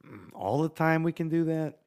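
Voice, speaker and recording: A man talking as a patient in an improvised therapy session, rambling and halting, with frequent swearing. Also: a little high, lively intonation, vocal fry, darkish tone.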